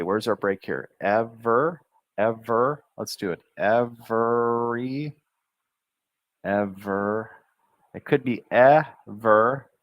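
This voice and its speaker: An American man teaching English pronunciation on a livestream, drawing out syllables slowly and thinking aloud as he writes. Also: on the low side, a bit bright, no room sound. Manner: slow, drawn-out enunciation of syllables; chatty, thinks aloud while writing. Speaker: English tutor.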